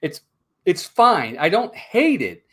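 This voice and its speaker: Give me an animated, emphatic man co-hosting a film review, with a bouncy, expressive voice. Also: high-pitched, takes it slowly, breathy edge. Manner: animated and emphatic, repeats words. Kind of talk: casual movie review chat.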